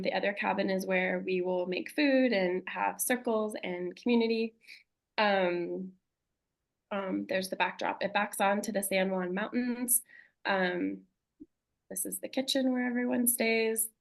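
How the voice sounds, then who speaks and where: Woman on a video call losing her voice a bit, gravelly, lots of ums. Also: mid-range voice, rough recording. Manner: halting, many ums. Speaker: retreat co-facilitator. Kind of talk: webinar presentation.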